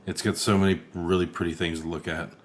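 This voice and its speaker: Deep-voiced man in casual swearing chat. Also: level tone, fast, a little hiss or hum. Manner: laid-back, swears often, trails off mid-thought. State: tired and yawning late at night. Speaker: podcast co-host. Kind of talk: casual movie-review chat.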